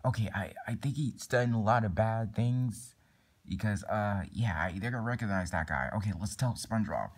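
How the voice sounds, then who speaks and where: A man's voice: fairly low pitch, moderate pace, husky. A young man improvising a toy skit and doing all the voices, rambling with many fillers and restarts. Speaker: plush toy video maker.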